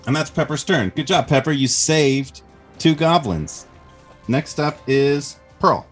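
A man's voice: a little high, animated, a little slow, soft background music. A man narrating as game master in a casual, friendly way, with frequent fillers. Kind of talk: narrating a family tabletop game.

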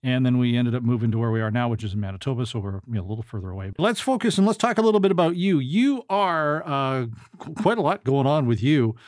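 A man's voice: mid-range voice, expressive, fast talker, a little mellow, no room sound, studio quality. Chatty Canadian man hosting a podcast. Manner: friendly, chatty, with many fillers and restarts. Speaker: podcast host. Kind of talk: casual interview chat.

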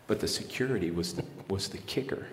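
A missionary pastor in his forties, interviewed in a large, reverberant hall with slight background noise, has a low, creaky voice with lively intonation and a brisk pace. He earnestly tells a personal story with quoted dialogue, often restarting his sentences.

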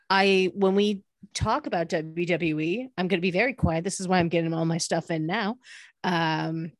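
A woman's voice: lowish voice, dry recording, clean studio sound. A woman co-hosting a wrestling podcast, talking casually in a rambling way with many fillers and restarts. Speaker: podcast co-host. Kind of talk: casual chat.

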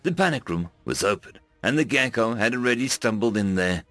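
A man voicing a shaken human man who sees himself as a coward, telling his story in a rueful, halting way. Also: mid-range voice, animated, fairly bright tone, no echo, faint music behind, close to an everyday voice.

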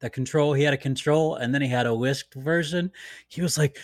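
A man's voice: medium pitch, a little fast, dry recording. A man co-hosting a podcast in casual chat, laughing often as he talks. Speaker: podcast co-host.

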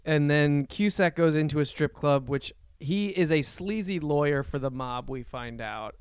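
Wry man, smooth dry voice. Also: medium pitch, no room sound. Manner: wry, joking asides. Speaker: podcast co-host. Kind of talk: casual movie review chat.

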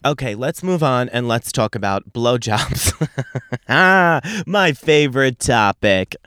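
Young man, podcast host, profane comic rant, smooth clear voice, dry close sound. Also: medium pitch, no room sound. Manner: brash, foul-mouthed, animated storytelling with laughs. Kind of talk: profane comedic monologue.

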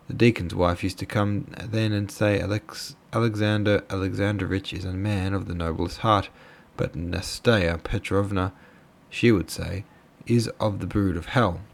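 A man's voice: sits low, fairly even intonation, normal speed, creaky, few pauses. A man voicing a half-mad crippled older mother who rambles on with self-pity. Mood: rambling. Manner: rambling, aggrieved.

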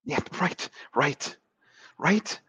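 A man's voice: drawn-out words, pushed and bright, no room sound, lo-fi sound. A man, a coach being interviewed, explaining ideas in a conversational way and acting out quoted voices with animation.

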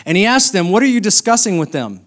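Pastor preaching, rising to high passion. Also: male voice, big pitch swings, quick pace. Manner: builds from quiet reflective reading to loud, high, impassioned preaching. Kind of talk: sermon.

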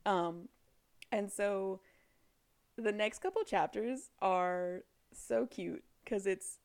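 A woman in a relaxed podcast chat, retelling a story at an everyday pitch. She slips into the characters' lines without fully acting them and laughs often. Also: takes it slowly, clean tone. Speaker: podcast co-host recapping a book. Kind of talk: casual chat.

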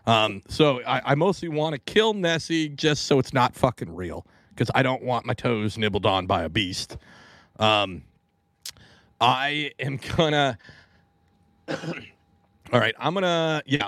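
A man's voice: mid-range voice, lively intonation, a little slow, fairly bright tone, dry recording. A man in his forties from the Pacific Northwest, hosting a casual podcast chat and telling stories with lots of swearing and jokes. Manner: profane, joking storyteller. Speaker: podcast host.

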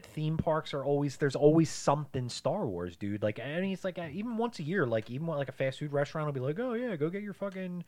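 A man's voice: fairly high pitch, expressive, a little mellow, no echo. A man co-hosting a podcast in casual comedic chat, wisecracking and swearing. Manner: wisecracking, swearing, quick to laugh. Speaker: podcast co-host.

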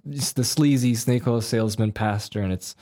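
Blunt, halting man with a mid-range voice. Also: medium pitch, dark tone. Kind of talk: casual movie review chat.

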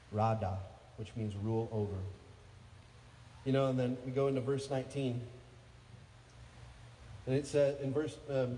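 A man in his thirties preaching a sermon as pastor, calling out to the congregation and building to loud, fervent peaks. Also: medium pitch, slight background noise. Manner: energetic preaching, calls for responses, rises to loud peaks. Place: church sanctuary. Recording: echoey hall, faint ambience.

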